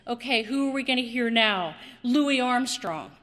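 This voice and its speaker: A woman preaching a sermon, slow and dramatic, with long pauses and repeated words. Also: on the high side, expressive, fairly bright tone, long reverb tail.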